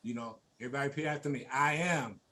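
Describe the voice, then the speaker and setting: A man's voice: mid-range voice, very fast, a crowd in the background, rough recording. A man leading a youth workshop, coaching the group with encouraging call-and-response. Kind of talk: motivational workshop talk. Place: conference room. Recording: loud background noise.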